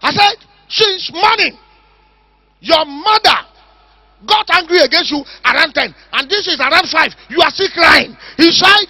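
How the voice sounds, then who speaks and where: High-pitched, shouting preacher man. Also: animated, no echo. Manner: shouting, emphatic, drawn-out repetitions. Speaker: pastor. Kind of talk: fiery preaching sermon. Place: church service.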